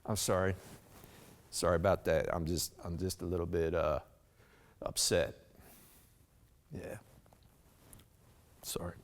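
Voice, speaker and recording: A man's voice: medium pitch, lively intonation, moderate pace, background noise, natural voice. A man acting a one-man stage monologue as a rambling blue-collar husband talking to a police officer, saying "man" constantly and restarting his sentences. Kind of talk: theatrical monologue.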